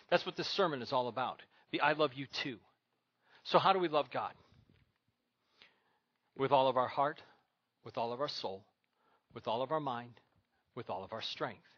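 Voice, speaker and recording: A man's voice: mid-range voice, normal speed, pauses often, fairly bright tone, no room sound, highs cut off. A man preaching a sermon as pastor, emphatic and repetitive.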